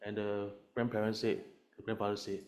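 A man preaching a sermon as a pastor, emphatic, often checking in with "right?" and "huh?", swinging between loud stresses and quiet asides. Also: on the low side, level tone, fairly quick. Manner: emphatic, peppers lines with "right?" and "huh?" tag questions.

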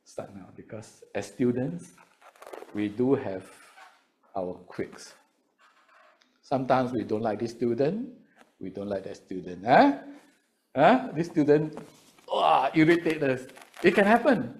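A middle-aged man with a Singaporean English accent, preaching to seminary students in a lively, chatty way and often repeating his words. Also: mid-range voice, measured pace, pauses often. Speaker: pastor.

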